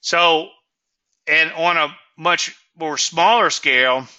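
Guy hosting a trading show, rambly folksy stories, super bright voice, kinda muffled audio. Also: fairly high pitch, slow, dry recording. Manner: folksy storyteller, frequent restarts and asides. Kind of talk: casual commentary with anecdotes.

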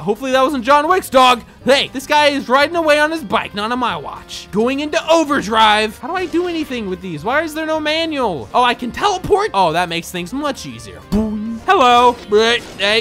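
An excitable gameplay commentator who jokes, laughs and often shouts while narrating a game. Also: mid-range voice, normal speed, few pauses, faint music behind. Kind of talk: let's-play commentary.

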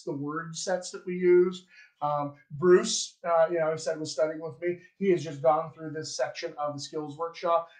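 A man with a General American accent, a dialect coach giving a chatty live accent lesson and repeating sample words slowly. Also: fairly high pitch, a little mellow, roomy sound.

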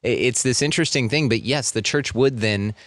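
A man's voice: mid-range voice, a little fast, no echo, clean studio sound. A man hosting a podcast in casual chat, musing at length, with frequent swearing. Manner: reflective, profane, rambling. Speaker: podcast host.

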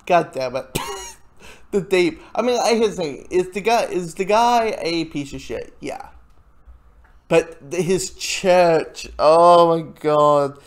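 A reviewer talks through a TV episode in a rambling casual way, with many restarts, frequent laughs and swearing. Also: mid-range voice.

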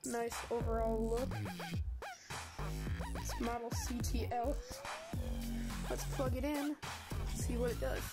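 A woman's voice: on the high side, huge pitch swings, a little slow, long pauses. A congested young woman casually reviewing a graphics tablet and showing how she draws, chatty and rambling with many fillers. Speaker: product reviewer. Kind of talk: casual product review and drawing demo. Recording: music playing behind the voice.

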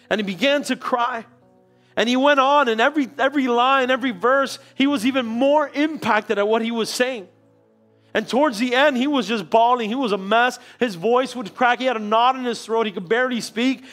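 A male pastor preaching a sermon in a church, telling a story with dramatic swings between quiet and loud. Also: high voice. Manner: storytelling, dramatic shifts in loudness.

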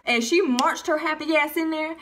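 A young woman vlogger telling a funny storytime, animated and freely swearing. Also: high-pitched, moderate pace, heavy background noise. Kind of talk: storytime vlog.

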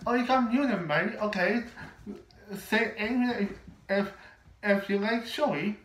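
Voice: mid-range voice, measured pace, close to an everyday voice. A performer voicing a pushy character who keeps calling everyone "mate" and stammers through restarts. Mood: pestering. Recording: echoey room, distant mic, faint noise.

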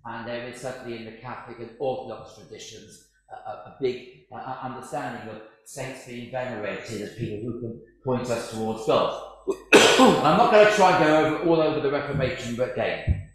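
A man's voice: medium pitch, fairly bright tone. A man preaching a sermon, a chatty, self-deprecating storyteller. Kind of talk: sermon with humour. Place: large church. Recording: very echoey church.

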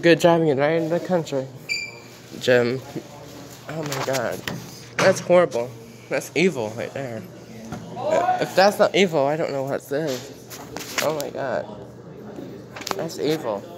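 A man giving casual commentary while reading news headlines aloud, exclaiming often and repeating himself in outrage. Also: mid-range voice. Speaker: commentary vlogger.

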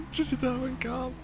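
Loud, laughing young man gaming with friends. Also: very high-pitched, gravelly, noisy background. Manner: loud, laughing, yelling at other players, swearing. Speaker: streamer playing a roleplay game. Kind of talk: excited gaming chat with friends. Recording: game sounds loud behind voice.

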